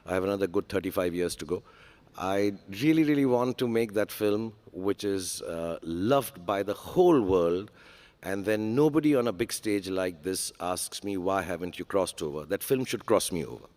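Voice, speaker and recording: Candid man with a low voice. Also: expressive, moderate pace, a little mellow. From India. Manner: earnest and self-deprecating, frequent uh fillers. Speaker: guest on a summit stage. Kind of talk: candid on-stage conversation. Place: large conference stage.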